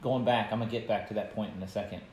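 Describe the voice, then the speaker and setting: A man who performs for children, guesting on a podcast in casual chat, animated and acting out quotes as he tells stories. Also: on the low side, rapid-fire. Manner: animated storyteller, acts out quotes. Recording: roomy sound with faint noise.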